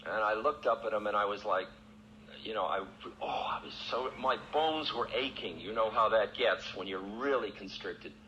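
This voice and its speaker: A man's voice: fairly low pitch, normal speed, bright, forceful tone. A male spiritual teacher telling a personal story in a candid, self-mocking way, often breaking into laughter. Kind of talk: storytelling talk. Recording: dull, lo-fi archival recording with faint hiss.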